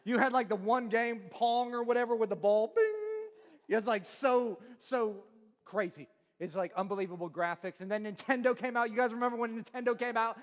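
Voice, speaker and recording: A man's voice: very high-pitched, fairly even intonation, a little fast. A pastor in his forties giving a humorous sermon, joking, quizzing the crowd and laughing often. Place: large church auditorium. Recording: long reverb of a church hall.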